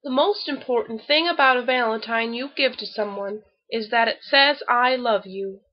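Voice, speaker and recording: A woman voicing a timid tiny male piglet in a storybook, in a very small, soft voice. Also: high-pitched, expressive, takes it slowly, lo-fi sound, exaggerated voice.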